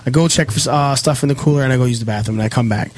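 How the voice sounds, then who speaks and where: A man's voice: medium pitch, very fast. A young man telling a heated, profanity-filled story on a casual podcast. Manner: heated, swears constantly, animated retelling.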